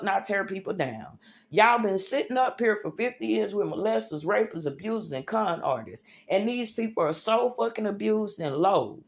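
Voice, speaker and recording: Preachy, emphatic woman livestreamer. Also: mid-range voice. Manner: preachy and emphatic, addresses viewers as y'all and baby. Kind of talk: impassioned religious rant to viewers.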